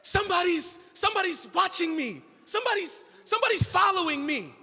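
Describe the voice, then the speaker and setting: A man's voice: very high-pitched, sing-song, a little slow, creaky, bright, forceful tone, exaggerated voice. A man voicing an anxious, frightened male monkey who keeps repeating himself, in a story told aloud. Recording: reverberant church hall.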